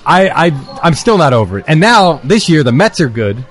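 Chatty man with a high voice. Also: sing-song, normal speed, fairly bright tone. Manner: chatty, storytelling, self-deprecating. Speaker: podcast guest, football reporter. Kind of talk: casual chat. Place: bar.

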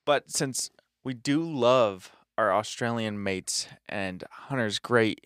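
A young man co-hosting a podcast, telling jokey stories in a casual, drawn-out way. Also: lowish voice, a bit bright, clear, resonant tone, dry recording, clean studio sound. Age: young adult. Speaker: podcast co-host. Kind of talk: casual chat.

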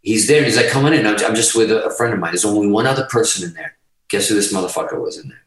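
A man's voice: on the low side, very fast, echoey room, distant mic, low-quality recording. A middle-aged man, telling rambling, profane stories in a casual chat as a musician guest.

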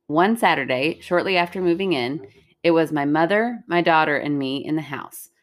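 A woman's voice: low voice, moderate pace. A woman co-hosting a casual chat, reading listener stories aloud in a playful, dramatic way. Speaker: podcast co-host reading stories.

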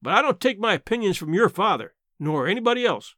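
A man voicing a blunt, sharp-tongued old countrywoman aunt in a story reading, dry and matter-of-fact, with plain country talk. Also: high-pitched, big pitch swings, fast talker, no room sound.

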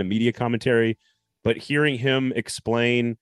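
A man's voice: mid-range voice, animated, a little fast, faint music behind. A man hosting a talk show, asking a guest questions and then giving commentary. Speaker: radio show host. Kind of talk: casual interview and commentary.

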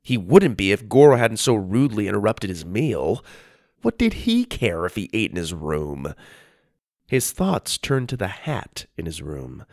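A man reading a children's story aloud as narrator, in an expressive storytelling manner. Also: lowish voice, dry recording, clean studio sound.

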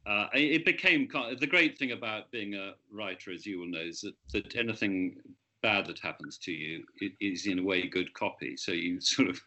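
A man's voice: on the low side, normal speed, pushed and bright, lo-fi sound. A man, an author, talking about his book in an interview, hesitant with many restarts.

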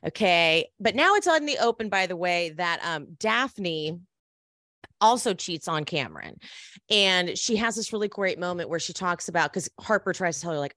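A woman's voice: medium pitch, normal speed, no echo. A woman hosting a podcast, chatting through a TV recap and jumping into the characters' voices as she tells it. Her voice sits in a middle register and is recorded close and dry, with no room sound around it. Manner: animated, acts out quoted characters. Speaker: podcast host. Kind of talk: casual chat, recapping a TV show.

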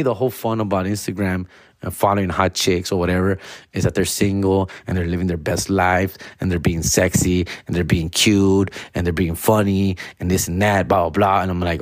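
A man's voice: on the low side, moderate pace, no echo, studio quality. A man telling stories in a casual monologue, full of swearing and street slang. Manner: profane slangy banter. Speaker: storyteller host.

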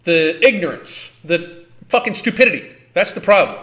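Man, high voice, sharp bright tone, blunt profane rant, repeats himself. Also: lively intonation, moderate pace. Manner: blunt, heated, swears a lot, repeats words. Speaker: host reacting to a clip. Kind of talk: profane ranting commentary.

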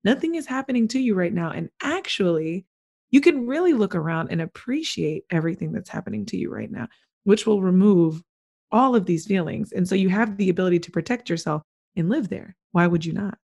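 A woman's voice: mid-range voice, animated, brisk, creaky, darkish tone. A woman hosting a podcast, chatting casually and enthusiastically, often saying "like". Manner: enthusiastic, heavy use of "like". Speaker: podcast host.

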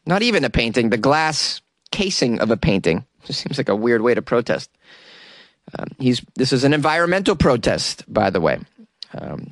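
A male comedian hosting a comedic news podcast, delivering the stories with wry, deadpan asides. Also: mid-range voice, dry recording. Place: inside a closet.

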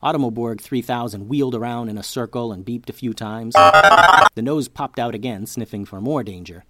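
A man's voice: mid-range voice, normal speed, creaky, loud music behind the voice. A man hosting a children's story podcast who narrates expressively, like a storyteller for kids.

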